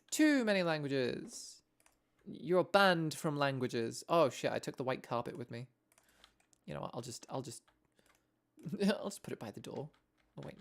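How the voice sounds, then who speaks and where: Sweary, chatty young streamer from Wales. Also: medium pitch. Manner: chatty and sweary, with frequent self-interrupting asides. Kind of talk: casual gameplay chat with viewers.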